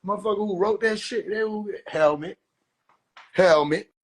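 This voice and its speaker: Animated young man ranting on a phone stream. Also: high voice, moderate pace. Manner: animated, profane, slips into quoted voices. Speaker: livestreamer. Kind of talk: rambling casual livestream monologue. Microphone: phone on a live stream.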